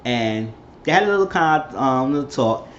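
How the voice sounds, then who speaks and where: A man talks through a reality show recap in a loose, rambling way, slipping into what each person said. His voice sits at an ordinary middle pitch. The recording is a bit dull and lo-fi, with a faint hiss behind it. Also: animated, normal speed. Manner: rambling storyteller, acts out quotes. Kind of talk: casual recap vlog. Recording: slightly dull lo-fi audio.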